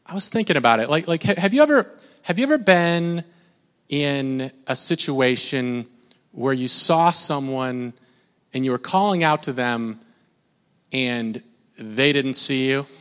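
A man's voice: mid-range voice, expressive, measured pace, smooth. Man preaching in an echoing hall. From Minnesota. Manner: conversational, repeats words, mimics shouting. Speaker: pastor. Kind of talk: sermon. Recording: long hall reverb.

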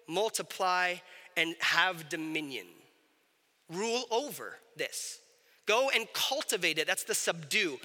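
A man with a high, ringing voice delivers a sermon in a relaxed, conversational way, checking in with the room as he goes. His voice is very bright and cutting. A long hall reverb trails each phrase. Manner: conversational, animated, asks the audience questions. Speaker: pastor.

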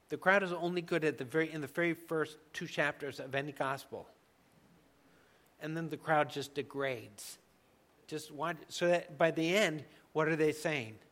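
A man preaching a sermon in a conversational, emphatic way, dropping to soft asides now and then. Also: a little high. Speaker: pastor.

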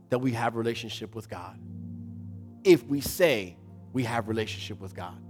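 A man preaching a sermon as pastor, repeating his phrases and building to loud emphatic questions. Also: lowish voice, moderate pace, long pauses, breathy edge, soft background music.

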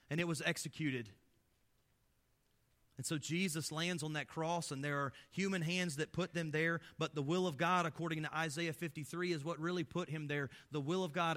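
Male pastor, sermon, rather high voice, sharp bright tone, impassioned, rhetorical questions, loud then hushed. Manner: impassioned, full of rhetorical questions, swelling and dropping in loudness.

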